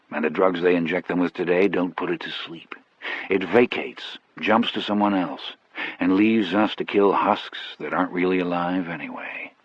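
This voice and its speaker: Low husky guy reading an audiobook, grave and measured, dull dry audio. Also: no echo. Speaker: audiobook narrator. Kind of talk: scripted audiobook narration.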